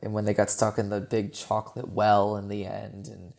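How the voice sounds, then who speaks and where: A man's voice: on the low side, completely flat delivery, moderate pace, gravelly, darkish tone. A man co-hosting a podcast, chatting casually about a film in a rambling way with many "like"s. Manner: chatty and rambling, heavy use of "like". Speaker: podcast co-host. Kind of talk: casual film review chat.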